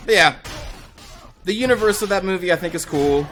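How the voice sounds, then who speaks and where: A man's voice: high-pitched, fairly quick, fairly bright tone, a little hiss or hum. A young man rambling casually as a gaming channel host, talking over his gameplay with lots of fillers and the odd swear word.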